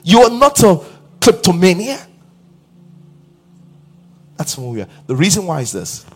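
A man preaching a sermon, asking the congregation questions and building to emphatic shouts. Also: sits high, very animated, measured pace, slightly rough. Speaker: pastor.

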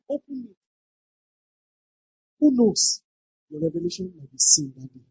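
A pastor preaching a sermon, emphatic, repeating lines and breaking into shouted exclamations. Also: medium pitch, sing-song, a little slow, dry recording. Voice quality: very husky. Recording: dull lo-fi dry recording.

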